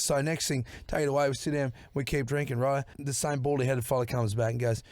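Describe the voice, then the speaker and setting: Bloke telling a yarn on a podcast, swears a lot, slightly high voice, dead dry sound. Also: male voice, fairly even intonation, fast talker, hardly any pauses, no echo. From Australia or New Zealand. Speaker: podcast host. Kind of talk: casual storytelling.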